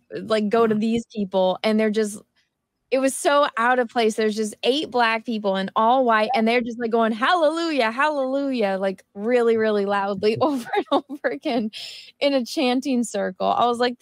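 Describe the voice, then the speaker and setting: A woman's voice: a little high, normal speed, dry recording, studio quality. A woman co-hosting a casual group chat, giggly and reading out viewer super chats.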